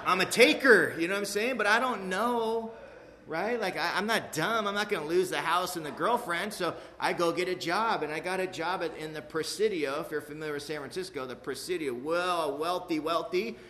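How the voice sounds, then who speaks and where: Man with a slightly high voice, frank and street-casual, giving a recovery testimony to an audience, echoey room. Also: bright, forceful tone, slight background noise. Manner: frank and streetwise, tags lines with "man" and "you know"; emphatic, with quick repeats and restarts. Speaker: speaker sharing his recovery story. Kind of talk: personal testimony talk to a live audience.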